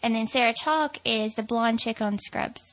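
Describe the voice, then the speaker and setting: A Southern woman co-hosting a podcast. Her voice sits a little high and carries a gravelly fry. She talks in a chatty, teasing way. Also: moderate pace, rough recording. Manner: chatty, teasing, laughs often. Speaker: podcast co-host. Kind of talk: casual chat.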